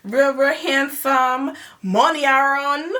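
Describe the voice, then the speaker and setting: A woman in her twenties, telling a personal story in a casual, animated and dramatic way, laughing and dropping into asides. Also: high voice, takes it slowly, recorded from a distance.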